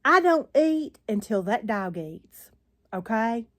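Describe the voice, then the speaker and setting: A woman's voice: fairly high pitch, big pitch swings, takes it slowly. An older woman vlogging into her phone, chatting in a rambling, weary way with frequent sighs. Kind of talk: casual chat to camera.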